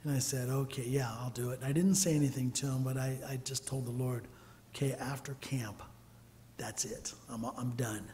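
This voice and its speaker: A man's voice: medium pitch, mellow, slight background noise. A man, a church elder, preaching a sermon in a storytelling way, acting out the people in his stories and dropping to near whispers at times. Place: church sanctuary. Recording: long reverb of a large hall.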